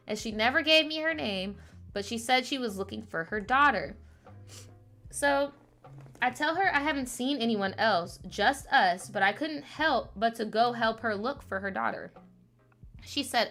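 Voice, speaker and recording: A woman's voice: on the high side, animated, a little slow, sharp tone, soft background music. A woman hosting a casual show, reading viewer stories aloud and chatting with playful asides and lots of fillers.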